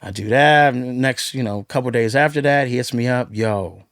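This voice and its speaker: A man's voice: mid-range voice, normal speed, smooth, no room sound, clean studio sound. A man telling his story as a podcast guest in casual chat, acting out quoted dialogue with lots of energy. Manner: animated, acts out quoted dialogue.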